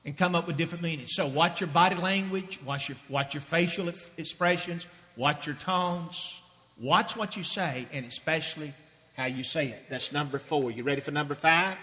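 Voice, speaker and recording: A man preaching a sermon in a high, bright, ringing voice. He hammers his points with repetition and drops suddenly from loud declarations to near-hushed asides. His voice carries a long echo, as if recorded in a large church sanctuary. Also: moderate pace. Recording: long reverb of a large hall.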